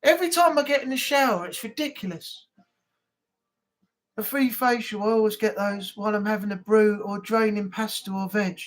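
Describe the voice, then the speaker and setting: A man's voice: high voice, normal speed. A man hosting a casual live chat from home, rambling and easygoing. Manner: rambling, chatty, laughs easily. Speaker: live stream host.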